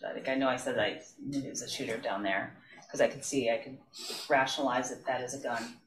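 A school principal giving courtroom testimony, speaking haltingly with restarts and trailing off. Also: medium pitch, fairly even intonation, fairly bright tone. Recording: roomy courtroom audio, distant mic, faint hiss.

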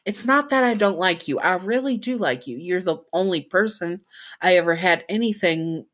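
A woman's voice: lowish voice, animated, normal speed, fairly bright tone. A woman voicing a polite, reserved teenage boy in a role-play story, hesitant and courteous, calling the listener "darling".

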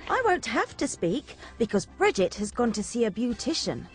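A cheerful, lively flatmate. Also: female voice, on the high side, moderate pace, soft background music. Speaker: sitcom character, narrator of her day. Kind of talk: scripted sitcom acting for English learners.

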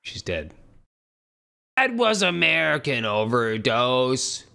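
A man's voice: medium pitch, very animated, takes it slowly, vocal fry, sharp tone. A man hosting a casual music reaction, joking around with profane, goofy asides. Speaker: music reaction channel host.

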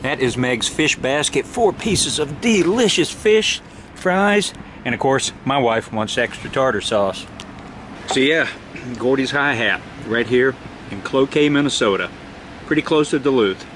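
A man's voice: medium pitch, expressive, measured pace, a bit bright, slight background noise. A middle-aged man, chatting casually to a handheld camera for his vlog and exclaiming over his food. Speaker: outdoor vlogger.

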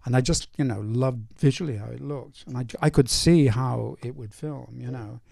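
An older male film director in a casual stage Q&A, telling anecdotes in a relaxed way with many fillers. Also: mid-range voice, moderate pace, creaky, dry recording, clean studio sound. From North East England. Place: cinema auditorium.

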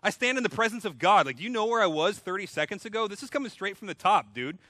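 A man's voice: high-pitched, animated, quick pace, bright, forceful tone, no room sound, exaggerated voice. A man voicing a bossy, exasperated male archangel messenger who talks in blunt slang. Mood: impatient.

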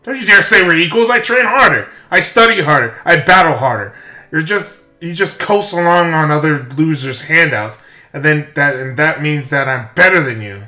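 A man's voice: fairly high pitch, expressive, moderate pace, pushed and bright. A man voicing a young male rival trainer in a game, scornful and confrontational toward his rival. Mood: boastful. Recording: echoey room, faint music.

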